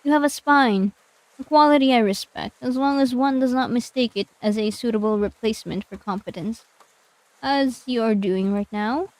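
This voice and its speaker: A woman's voice: on the high side, no room sound, close to an everyday voice, rough recording. A woman reading as Nocturne, a cool mysterious witch. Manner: formal, measured, faintly mocking. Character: tall poised female witch, mysterious and cool. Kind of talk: reading game dialogue aloud.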